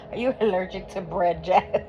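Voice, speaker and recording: A woman doing a tarot reading for her viewers from a room at home, worked up, hot and sweaty, cursing and laughing as she goes. The recording sounds dull and lo-fi, with music playing clearly behind her. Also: fairly low pitch. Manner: emotional, swears and laughs often. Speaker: tarot reader.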